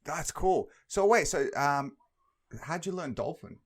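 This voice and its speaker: A man's voice: on the high side, animated, a little slow, slightly rough. A young man co-hosting a podcast, playing along with mock-sincere questions and frequent laughter. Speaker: podcast co-host. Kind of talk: comedic podcast banter.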